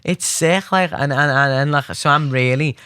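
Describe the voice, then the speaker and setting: A man's voice: a little high, moderate pace, pushed and bright, clean tone, dry recording, studio quality. A young man with a Scouse accent, chatting animatedly as a podcast guest, rambling with many fillers and restarts. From Liverpool, England. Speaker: podcast guest, poet and theatre maker. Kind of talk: casual interview chat.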